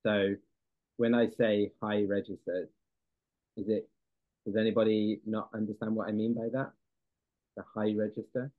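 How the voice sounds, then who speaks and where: A man's voice: lowish voice, little pitch movement, moderate pace, pauses often, no room sound. A man giving a lecture, explaining patiently with frequent ums and uhs and checking whether his audience follows. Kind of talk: classroom lecture. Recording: dry, tinny phone-like sound.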